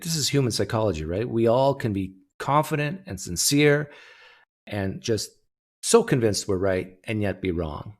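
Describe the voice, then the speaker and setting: A man's voice: lowish voice, vocal fry. A man hosting a livestream call-in show, talking in a blunt, wry, conversational way. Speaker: livestream host taking callers. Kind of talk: casual call-in talk.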